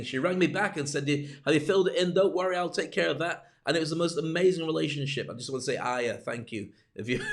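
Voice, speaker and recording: A man's voice: on the high side, fairly bright tone. A middle-aged man hosting a live self-help show, giving a candid motivational monologue with stories and numbered points.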